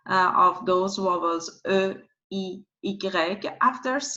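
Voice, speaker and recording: A woman giving a slow pronunciation lesson, who repeats each sound patiently several times. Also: mid-range voice, bright, forceful tone. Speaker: language teacher. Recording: dull lo-fi recording.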